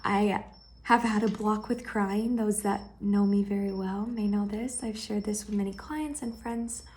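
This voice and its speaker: A woman sharing a heartfelt personal vlog, speaking gently and intimately to the viewer and often dropping into a soft whisper. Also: medium pitch, steady tone, unhurried. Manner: affectionate, speaks straight to the viewer.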